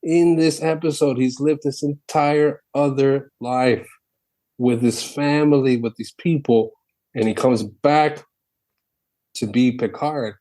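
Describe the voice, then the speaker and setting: A man, a guest artist who retells stories in an animated, profane way and acts out the quotes. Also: mid-range voice, slow, low-quality recording. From New York City. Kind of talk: animated storytelling chat.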